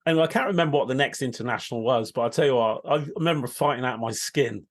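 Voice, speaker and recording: A man hosting an interview, swapping lively anecdotes with his guest and laughing often. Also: mid-range voice, fast. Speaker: interviewer, host. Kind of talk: casual conversational storytelling.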